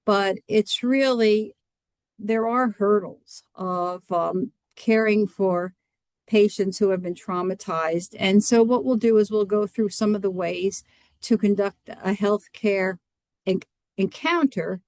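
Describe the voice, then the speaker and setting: A woman physician giving an earnest, measured lecture over a video call, with some restarts. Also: medium pitch, fairly even intonation, darkish tone, no echo.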